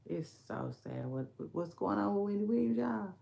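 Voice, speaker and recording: A woman's voice: mid-range voice, expressive, normal speed, creaky, warm tone. A woman hosting a podcast, ranting about celebrity news in slangy casual talk, sighing and laughing as she goes. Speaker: podcast host. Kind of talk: casual celebrity gossip monologue. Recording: echoey room.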